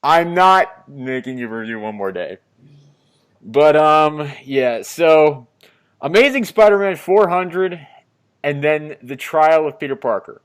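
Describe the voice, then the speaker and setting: A man's voice: a little high, animated, slow pace, clear, resonant tone. A man co-hosting a comic review podcast, introducing the issue in a rambling, apologetic way with many ums. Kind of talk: casual podcast talk.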